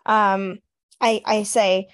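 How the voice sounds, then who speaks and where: A woman in her thirties co-hosts a casual parenting podcast. She talks in a relaxed, conversational way, laughs often and slips into the voice she uses with her kids. Her voice sits at an ordinary middle pitch. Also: drawn-out words. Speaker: podcast co-host. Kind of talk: casual chat.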